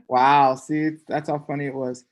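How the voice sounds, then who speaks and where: A teacher giving a relaxed online class, joking often and checking in with "okay?". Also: mid-range voice. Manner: playful, joking, frequent "okay?" check-ins. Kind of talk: casual online class lecture.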